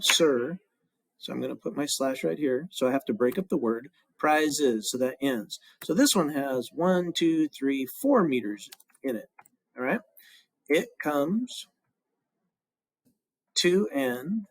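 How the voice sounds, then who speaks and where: A man's voice: fairly high pitch, no room sound, poor audio. A male teacher giving a recorded classroom tutorial, talking casually and methodically as he counts syllables aloud step by step. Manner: casual, fills with um and restarts.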